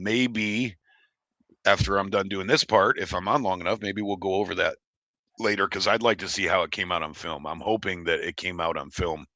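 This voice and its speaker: A man's voice: low-pitched, bright, forceful tone, no echo. A man from Oregon hosting a livestream, chatting casually and reading chat in a rambling, blunt, profane way. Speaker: livestream host.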